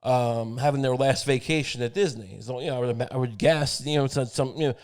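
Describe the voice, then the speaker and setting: A man's voice: mid-range voice, fairly quick, a little mellow. A man hosting a podcast, talking through a meandering, profane comedic monologue. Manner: rambling, meandering, profane, many fillers. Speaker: podcast host.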